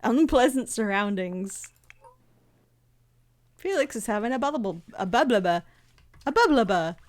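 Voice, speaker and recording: A woman streamer talks casually to her live chat while she plays. Her voice is slightly high and bounces all over the place. She speaks slowly, laughs often and makes fun of herself. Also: lively intonation. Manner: chatty, laughs often, self-deprecating.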